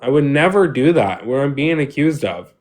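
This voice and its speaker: A man's voice: medium pitch, lively intonation, normal speed. A man on a live stream, frustrated and defensive, swearing heavily as he argues. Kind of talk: heated live stream argument.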